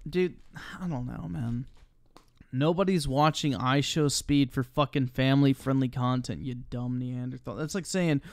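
Male streamer, gravelly voice, dry close mic, blunt and profane. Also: medium pitch, a little slow, no echo. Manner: blunt, scornful and heavily profane. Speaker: streamer reacting to a video. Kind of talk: casual profane live reaction commentary.

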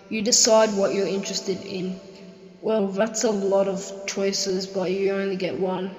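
Animated film dialogue remixed with heavy autotune and sung to a melody. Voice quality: pitch-corrected, sing-song melody. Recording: roomy echo with long reverb. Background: faint music.

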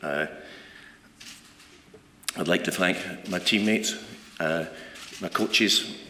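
A middle-aged man with a Scottish accent giving a nervous, halting, emotional acceptance speech with many fillers. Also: low voice, sharp tone. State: emotional, overwhelmed. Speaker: award recipient. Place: large hall. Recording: echoey hall, faint background noise.

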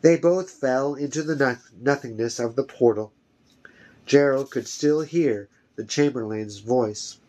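A man's voice: medium pitch, a little mellow. A man reading a fantasy novel aloud, carefully, often restarting a phrase. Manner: slow, careful, with frequent restarts. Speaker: reader.

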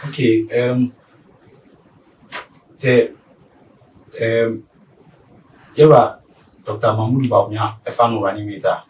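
A man's voice: medium pitch, steady tone, takes it slowly, pauses often, a little mellow. A man with a Ghanaian accent, a talk-show guest who starts hesitantly and then explains his view. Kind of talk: casual talk-show chat. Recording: roomy, distant mic.

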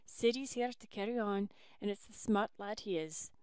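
A woman voicing a warm old Irish housekeeper, with an Irish accent and homely turns of speech. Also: medium pitch, normal speed, clear, resonant tone, dry recording, natural voice. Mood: comforting.

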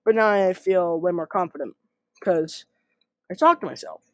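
A woman's voice: on the low side, lively intonation, moderate pace. A woman giving casual gameplay commentary as a YouTuber, rambling and self-deprecating with many fillers. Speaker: gaming YouTuber.

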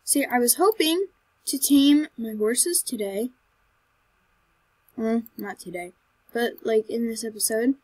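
Woman gamer narrating her own play; dry close sound, high-ish voice, bursts into excited squeals. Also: slow pace, long pauses, slightly rough, no echo, low-quality recording. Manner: excitable, with sudden loud high outbursts; chatty, talks to herself and to the animals in the game. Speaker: Minecraft let's player. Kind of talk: gameplay commentary.

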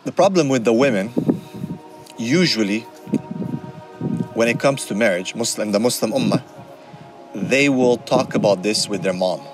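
A man speaking in a relaxed, conversational way about faith and family, his voice sitting at an ordinary middle pitch. He keeps checking in with his listeners and drops in religious terms as he goes. Music plays clearly underneath him. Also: moderate pace, long pauses. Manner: conversational, often asks "right?", mixes Arabic terms. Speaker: Islamic speaker and counselor. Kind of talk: casual religious talk.

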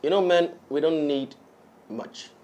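A man's voice: a little high, measured pace, darkish tone. A man with a Ghanaian accent talking on a podcast panel, mixing English and Twi in a rambling way. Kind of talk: casual panel discussion.

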